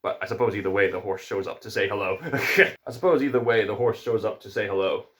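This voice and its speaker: A man's voice: lowish voice, brisk, a bit bright. A man with a Scottish accent giving a casual film review, musing and hesitant, with frequent fillers.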